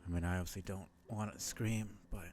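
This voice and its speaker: A man's voice: sits low, steady tone, a little fast, a little mellow, faint music behind. A man streaming a game live, chatting in a rambling, self-deprecating way with lots of fillers.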